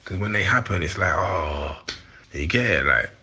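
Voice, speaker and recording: A London man in his forties speaks as an interview guest, his voice deep but forceful and bright-edged. He talks in heated street slang, quick to laugh. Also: expressive, slightly rough. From London, England. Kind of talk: candid interview chat.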